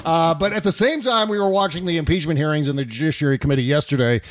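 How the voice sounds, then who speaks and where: A man's voice: fairly high pitch, quick pace, no echo. A man hosting a political talk show, brash and sarcastic, swearing as he rants. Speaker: show host.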